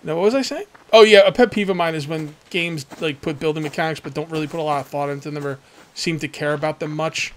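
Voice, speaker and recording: A fairly high-voiced man rambles through casual gameplay commentary, chatting straight to his viewers as a let's play host. He talks loosely, full of asides, with a faint hiss of noise behind him. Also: fast talker.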